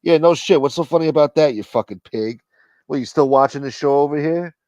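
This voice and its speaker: A man's voice: brisk, a little mellow, no room sound, highs cut off. A man hosting a live online talk show, trash-talking rivals in a profane, mocking way. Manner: profane, mocking, puts on squeaky voices in bits. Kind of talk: profane casual banter.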